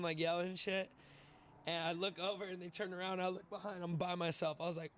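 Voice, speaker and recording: A young man in his twenties, a podcast guest telling a wild story in an animated, profane way, laughing and acting out the voices. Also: sits high, brisk, slight background noise. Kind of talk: casual storytelling.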